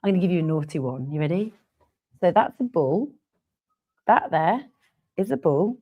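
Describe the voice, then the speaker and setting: A woman's voice: fairly low pitch, animated, normal speed, slightly rough, muffled recording. A woman co-hosting a live web show, laughing and teasing her co-host in playful chat. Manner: giggly, teasing, jokey.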